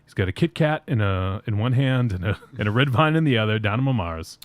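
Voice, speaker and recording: Laughing, animated podcast host, man. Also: on the low side, a little fast, dry recording. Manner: laughs often, loose and joking, fillers like uh. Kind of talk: casual chat.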